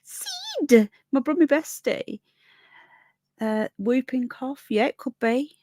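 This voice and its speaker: Woman, Birmingham accent with a bit of Yorkshire, higher voice, chatty and rambling, dry close sound. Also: measured pace, darkish tone, dry recording. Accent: Birmingham with a Yorkshire tinge. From Birmingham, England. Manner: chatty, rambling, greets viewers by name. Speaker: livestream host. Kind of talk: casual live chat, reading comments.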